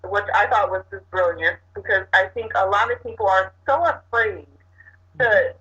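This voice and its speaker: Bright-voiced woman telling a story. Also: medium pitch, moderate pace. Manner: storytelling, animated, with laughs. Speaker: co-host. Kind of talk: casual chat. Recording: dull lo-fi sound.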